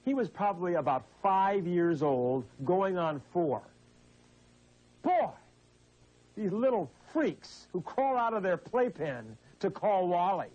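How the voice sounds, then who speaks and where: A man's voice: sits high, expressive, slow, a little mellow. A man hosting a call-in radio show, scolding and exasperated with prank callers. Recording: dull lo-fi broadcast audio.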